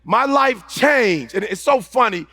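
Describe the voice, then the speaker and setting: A man giving a live motivational speech to an audience, talking fast in an impassioned, repetitive way and building up to shouting. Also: extremely high pitch, lively intonation, no room sound. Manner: fast-talking, rushing phrases. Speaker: motivational speaker.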